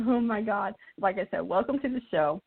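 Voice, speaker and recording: A woman's voice: medium pitch, lively intonation, measured pace, breathy edge. Woman, radio interviewer, conversational, mid-range voice, thin phone-line sound. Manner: conversational, asking questions. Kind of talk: casual interview chat.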